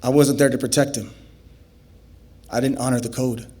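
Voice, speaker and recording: A man telling a comic story live on a festival stage, animated and acting out the scenes. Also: mid-range voice, normal speed.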